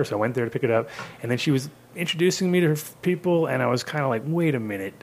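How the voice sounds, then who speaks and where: A middle-aged man in casual conversation who tells long, wandering anecdotes. He mimics other people's voices as he goes, in a mid-pitched tone. A faint hum of room noise sits behind him. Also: rapid-fire, vocal fry. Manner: rambling storyteller who acts out quoted voices. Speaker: cannabis seed company guest. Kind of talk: casual podcast chat.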